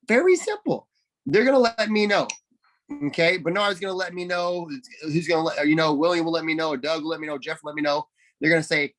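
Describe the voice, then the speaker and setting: Man, coaching talk on a group call, energetic and emphatic, fairly high voice, repeats himself for stress. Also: fairly quick. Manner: energetic, emphatic, repeats phrases and role-plays messages. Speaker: network marketing team leader.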